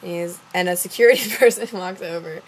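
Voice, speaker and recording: A woman's voice: lowish voice, a little fast, slight background noise, poor audio. Chatty young woman telling a story. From Louisiana. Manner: rambling, acts out quoted voices, many fillers. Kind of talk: casual storytelling vlog.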